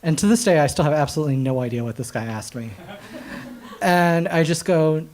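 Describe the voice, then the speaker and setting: Young American man, stand-up comic on a live stage; animated, chuckling, filler-heavy delivery. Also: a little high, moderate pace. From United States. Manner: animated, laughing at his own jokes, many fillers. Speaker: stand-up science comedian. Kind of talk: stand-up storytelling. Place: stage at a live comedy night.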